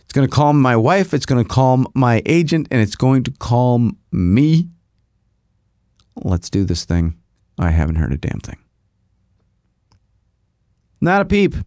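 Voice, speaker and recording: A man's voice: animated, unhurried, dark tone, no room sound, studio quality. A man hosting his own podcast, rambling through a casual monologue with self-mocking asides. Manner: rambling, self-mocking, mimics agency people in a higher voice. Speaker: podcast host.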